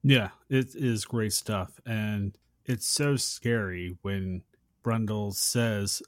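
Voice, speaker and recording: A man with a low voice chats casually with a podcast partner, close and dry with no room sound. He acts out what he was thinking and rushes ahead when he gets excited. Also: no echo. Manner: casual, reacts by voicing his own thoughts, speeds up when excited. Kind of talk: casual chat.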